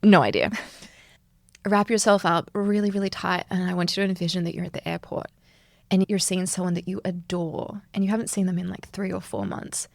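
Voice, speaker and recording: A woman's voice: lowish voice, flat delivery, a little fast, vocal fry, no echo, clean studio sound. A woman from Australia, a yoga teacher talking earnestly and animatedly as a guest in a reflective interview, laughing often.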